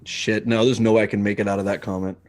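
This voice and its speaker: A man playing a tabletop game, answering in quick short bits and laughing easily. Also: fairly low pitch, level tone, very noisy. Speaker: player. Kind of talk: tabletop role-play chat.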